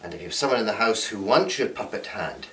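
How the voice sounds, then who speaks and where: A man's voice: on the low side, animated, quick pace, a bit bright, a little hiss or hum. A man leading a recorded workshop at home. He talks playfully and acts out little scenes to demonstrate. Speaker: drama and games workshop leader. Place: indoors in a home room. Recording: roomy sound from a distant camera.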